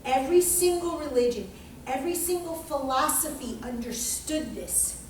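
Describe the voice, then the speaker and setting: High-voiced woman teaching, swearing freely. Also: lively intonation, moderate pace. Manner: emphatic and profane, swinging from hushed to shouting. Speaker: astrology teacher. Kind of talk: informal lecture to a small class. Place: indoor room with a group. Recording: very echoey room, mic far off, faint hiss.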